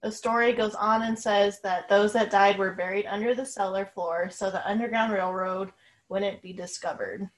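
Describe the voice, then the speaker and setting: A woman co-hosting a casual podcast, reading her research notes on a haunted house in a soft, chuckling way. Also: mid-range voice, fairly even intonation, normal speed. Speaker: podcast co-host. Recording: echoey room.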